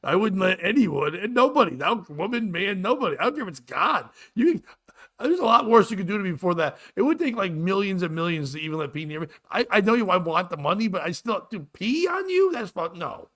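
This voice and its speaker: A man with a somewhat high voice hosts a loose comedy chat show. He rambles through stories, stumbling and restarting as he goes. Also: animated, fast talker, a bit bright. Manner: rambling, stammering storyteller. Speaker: podcast host.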